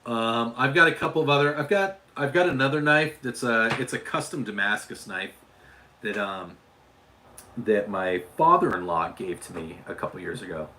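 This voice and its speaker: Man, from Utah, livestream host, casual chat, rambling, repeats words, bright voice, middle pitch. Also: animated, moderate pace, a little hiss or hum. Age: adult father.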